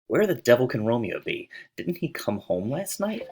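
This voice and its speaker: A man's voice: medium pitch, sing-song, darkish tone, husky, voice pushed up. A man reading the part of a witty, mocking young nobleman. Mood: restless. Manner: scornful, rapid joking.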